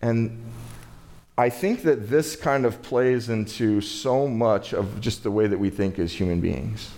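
An American pastor with a lowish, darkish voice preaches a sermon in a conversational, relatable style, tossing rhetorical asides to his listeners.

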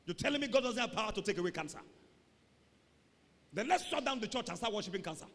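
A man preaching a sermon as pastor, animated, swinging from booming shouts to low mocking asides. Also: fast talker. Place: church hall. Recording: reverberant church hall.

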